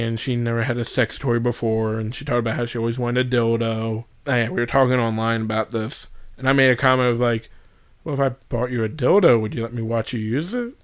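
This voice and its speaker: A man's voice: mid-range voice, fairly bright tone, clear, resonant tone. A man hosting a casual podcast chat, candidly telling a personal story. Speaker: podcast host.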